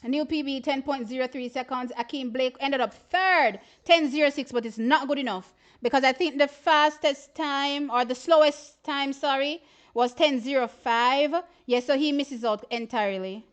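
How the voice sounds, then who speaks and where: High-voiced woman hosting a livestream. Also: normal speed. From Jamaica. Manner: animated, exclamatory, often says "child". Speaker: livestream host. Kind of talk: casual live-stream sports commentary.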